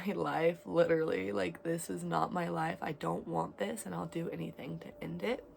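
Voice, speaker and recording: A woman in her twenties talking in a candid, rambling vlog about her life, swinging between loud and quiet. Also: medium pitch, gravelly, a little hiss or hum. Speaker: vlogger. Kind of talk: casual confessional vlog.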